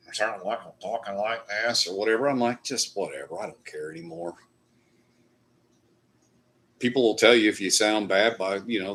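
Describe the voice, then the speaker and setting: A man's voice: lowish voice, a bit bright. A man hosting a casual live stream, chatting loosely with viewers and swearing now and then. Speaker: livestream host. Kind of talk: casual live chat reading comments.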